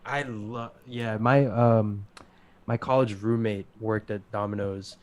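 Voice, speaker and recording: A man's voice: on the low side, fairly even intonation. Laid-back young man chatting playfully. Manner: jokey, playful, quick asides and laughs. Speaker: podcast co-host. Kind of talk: casual chat on a live stream.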